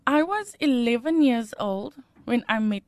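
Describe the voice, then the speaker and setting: A woman's voice: a little high, lively intonation, measured pace, darkish tone, no room sound. A woman giving a personal testimony as an interview guest, laughing often and turning emotional.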